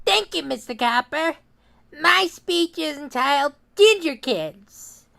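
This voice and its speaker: A sneering cartoon schoolboy. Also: male voice, very high-pitched, lively intonation, slow, creaky, bright, forceful tone, heavily acted. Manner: sneering, mock-solemn oratory. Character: smug hateful schoolboy giving a class speech. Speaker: student speaker. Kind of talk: cartoon voice acting.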